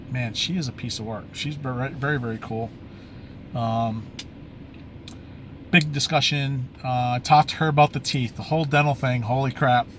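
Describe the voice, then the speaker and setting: Guy vlogging outside into his phone, chatty and rambly, lots of ums, faint noise behind. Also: mid-range voice. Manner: candid, rambling, with many fillers and restarts. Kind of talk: casual video diary. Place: outdoors in bright sun, maybe by a vehicle.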